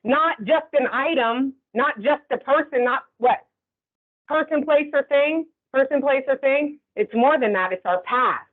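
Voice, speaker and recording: A woman instructor giving a conversational training lecture, often checking in with the class. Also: sits high. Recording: tinny phone-like sound.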